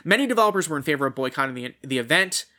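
A man's voice: a little high, lively intonation, racing, sharp tone. A man co-hosting a casual gaming news podcast, profane and punchy, reading stories and quotes aloud. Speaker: podcast co-host.

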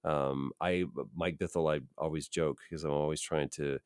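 A man with an extremely deep, low voice speaks as a guest in an interview, earnest and emphatic as he shares advice from his acting career. The sound is dry and close, with no room echo. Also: steady tone, normal speed, darkish tone, smooth. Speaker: voice actor, podcast guest. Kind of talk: reflective interview talk.

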